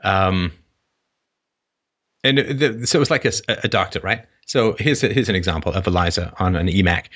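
A low-pitched man hosting a casual call-in show. He rambles through ideas, acts out little scenes in different voices and laughs at his own jokes. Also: normal speed, fairly bright tone. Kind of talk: casual philosophical call-in talk.

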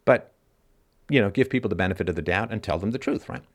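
A man with a lowish voice and quick pace hosts a call-in show, giving an emphatic philosophical monologue. He repeats his key lines for stress and briefly mimics other people's reactions mockingly.

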